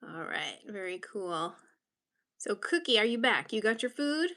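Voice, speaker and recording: A woman's voice: medium pitch, very animated, unhurried, fairly bright tone. A woman from Massachusetts hosting her first livestream, chatting casually and greeting viewers by name in an upbeat way. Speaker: livestream host. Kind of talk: casual live-stream chat.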